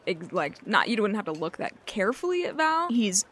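Woman player at a tabletop game, lively pitch, chatty. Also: brisk, husky. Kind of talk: tabletop role-play.

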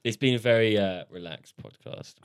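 A man's voice: fairly low pitch, moderate pace, smooth, no room sound, clean studio sound. A young man co-hosting a podcast, chatting casually, laughing often and swearing freely. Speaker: podcast co-host. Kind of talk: casual chat.

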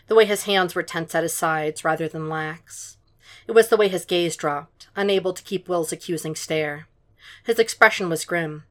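A woman reading fan fiction aloud in a calm, measured audiobook narration. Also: on the low side. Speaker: podfic reader.

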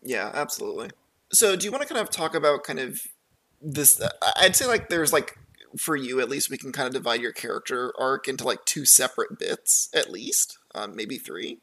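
Bright-voiced man hosting a casual podcast. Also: medium pitch, lively intonation, moderate pace. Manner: easygoing, laughs often, asks questions. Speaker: podcast host and game master.

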